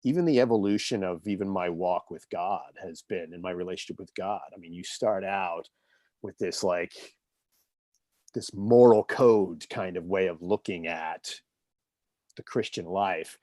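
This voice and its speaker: A man's voice: deep voice, measured pace, warm tone, no echo, clean studio sound. A man in his fifties, an interview guest telling personal stories in an earnest, reflective, conversational way. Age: 50s. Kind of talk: casual conversational storytelling.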